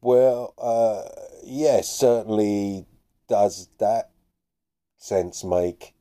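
A man's voice: fairly low pitch, very slow, mellow. A man hosting a podcast, chatting casually and a bit self-deprecatingly about listener messages. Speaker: podcast host.

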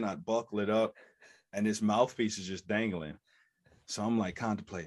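Fairly low-pitched and fairly quick, a man in his thirties, once an NFL running back, tells an animated story in a podcast interview, quoting people in raised voices. The studio-quality recording has no echo.

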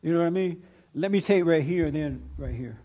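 A man's voice: on the high side, brisk, dark tone. A man preaching in a conversational way, leading a group discussion and taking questions. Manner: emphatic, laughs often, calls on people. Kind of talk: conversational sermon with audience questions.

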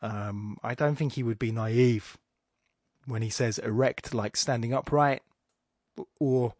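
A man's voice: medium pitch, takes it slowly, darkish tone, no room sound, studio quality. A man hosting a poetry podcast, reading a poem aloud and talking about it in a rambling, digressive way that keeps interrupting itself. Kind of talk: casual commentary and poetry reading.

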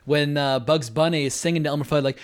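A man hosting a podcast, chatting casually and enthusiastically about old films, laughing loudly and swearing now and then. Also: a little high, fairly even intonation, fast. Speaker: podcast host. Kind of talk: casual film discussion.

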